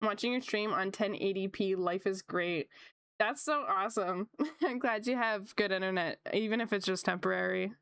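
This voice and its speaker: A woman art streamer chats casually with her viewers at her home streaming setup, upbeat and quick to laugh, her pitch leaping up when something excites her. Her voice is smooth and clear on a close desk mic with a dry sound, though she has a slight cough from a coming sore throat. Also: dry recording. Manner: chatty and upbeat, laughs often, voice jumps high when excited. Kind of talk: casual chat with live chat viewers.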